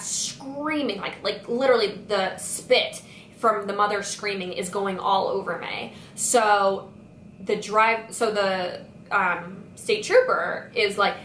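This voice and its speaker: A young woman recounts a story in a lively vlog style, scattering "like" through her sentences. Her voice sits at a middling pitch. It rings in a roomy space with a faint hiss underneath. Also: slow pace. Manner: animated retelling full of "like" fillers. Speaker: vlogger. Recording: echoey room with faint noise.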